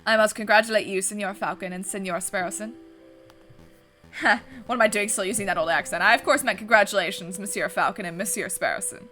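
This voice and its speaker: A woman's voice: medium pitch, fast, few pauses, sharp tone, faint music behind, natural voice. A woman reading the lines of a suave male fox private investigator from a game, formal and courteous. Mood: smooth.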